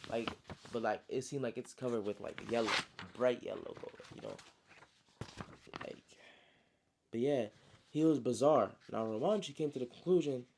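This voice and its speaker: Man, gravelly voice, dark tone, slangy storytelling, relaxed, fillers. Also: mid-range voice. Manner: slangy, relaxed, many "you know" fillers. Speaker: storyteller and author. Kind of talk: casual spoken retelling of his novel.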